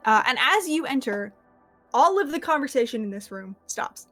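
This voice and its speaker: A woman's voice: high-pitched, very animated, normal speed, a bit bright, soft background music. A young woman narrating a tabletop game as game master, rambling through descriptions with many fillers.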